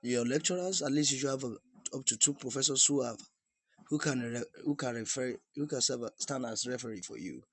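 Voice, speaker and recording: A man's voice: medium pitch, fairly quick, breathy edge, no echo, low-quality recording. A man coaching viewers through an application in an instructional talk to camera, talking emphatically, repeating key points and restarting phrases.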